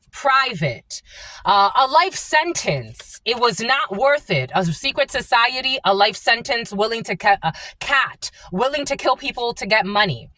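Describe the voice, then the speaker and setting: A woman's voice: on the high side, fairly bright tone, dry recording. A woman giving a casual psychic reading to her viewers, rambling and full of "like" and "uh" fillers. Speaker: spiritual channeler.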